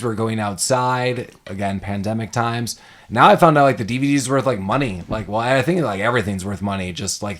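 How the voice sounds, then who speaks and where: A young man chatting casually about a film on a podcast, rambling with many fillers and restarts. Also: mid-range voice. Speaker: podcast host. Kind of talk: casual movie chat.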